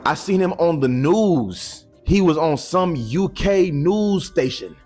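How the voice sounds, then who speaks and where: A man's voice: a little high, lively intonation, takes it slowly, over music. A man giving casual YouTube commentary, slangy and joking, with boastful asides to the camera.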